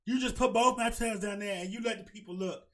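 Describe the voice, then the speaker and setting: A man hosting a casual chat in a fairly high voice and an African American English accent. He reads a forum post aloud, then reacts with exclamations, swearing and bursts of cackling. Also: fast, a bit bright. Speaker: podcast host.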